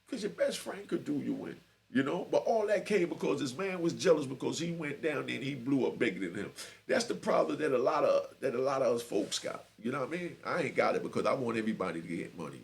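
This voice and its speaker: A man's voice: medium pitch, gravelly. An older man, feeling unwell, telling a street story to younger listeners in a laid-back, streetwise way that keeps checking in with them. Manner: streetwise, keeps checking in with "you know what I mean"; laid back, lively, acts out quoted voices.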